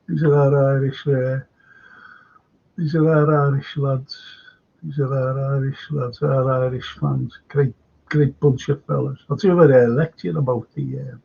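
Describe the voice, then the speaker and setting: A man hosting a live football fan show, rambling and indignant, with a gravelly voice on dull lo-fi audio. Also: medium pitch, darkish tone. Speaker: football podcast host. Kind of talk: live-streamed fan chat.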